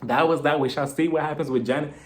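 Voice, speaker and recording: A man's voice: on the high side, steady tone, brisk. A young man recapping a reality show in a chatty, gossipy way, often laughing. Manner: chatty and gossipy, with frequent laughs and mock impressions. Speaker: YouTube TV reviewer.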